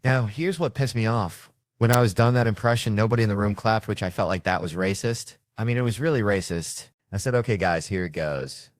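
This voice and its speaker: Deep-voiced man, profane comic storytelling. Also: a little fast, hardly any pauses, dry recording, studio quality. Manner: animated, profane, emphatic. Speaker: comedian. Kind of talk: stand-up storytelling and banter.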